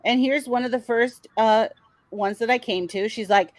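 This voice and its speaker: A woman with a fairly high voice hosts a casual commentary vlog. She is blunt, sarcastic and swears freely. The sound is dry and close. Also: brisk, dry recording, poor audio. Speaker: commentary channel host.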